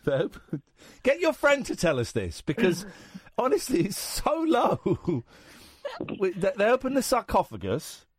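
A male radio host teasing a caller on a phone-in, quick to laugh. His pitch sits a little high and swings widely as he jokes. The studio sound is dry. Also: huge pitch swings, husky, no echo. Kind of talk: phone-in banter.

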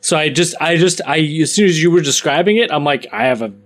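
Dude co-hosting a comedy pod, quick jokes, kinda high voice. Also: male voice. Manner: quick, joking banter. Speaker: podcast co-host. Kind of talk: casual comedic chat.

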